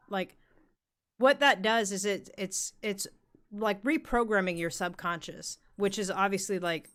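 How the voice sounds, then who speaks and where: A woman's voice: medium pitch, fairly bright tone. A young woman co-hosting a podcast in casual chat, talking candidly, swearing freely and leaning on "like" a lot. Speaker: podcast co-host.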